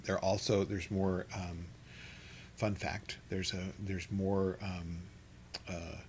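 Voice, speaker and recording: A man leading a meditation and chanting class from his home studio, talking in a relaxed, rambling way with soft laughs and restarts. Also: low voice, takes it slowly, slight background noise. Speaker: meditation teacher. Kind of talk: guided chanting instruction. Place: home studio with an open window.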